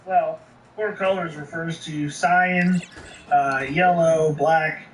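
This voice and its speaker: A man's voice: fairly high pitch, fairly even intonation, takes it slowly. A man guest on a podcast, chatting casually and hesitantly, often restarting his sentences. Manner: hesitant, rambling with many restarts. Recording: echoey room, distant noisy mic.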